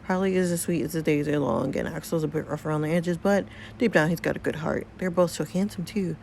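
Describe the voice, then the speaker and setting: A woman voicing a warm, doting middle-aged mother in a story game, gushing and motherly. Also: sits low, steady tone, fairly quick, vocal fry, a little hiss or hum.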